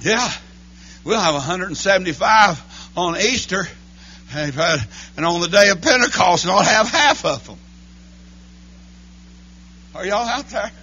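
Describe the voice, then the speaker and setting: A man preaching a holiness church sermon, chanting his lines between breathy "uh, amen" beats. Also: sits high, expressive, measured pace, pauses often, pushed and bright, dull audio. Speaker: pastor. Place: church sanctuary.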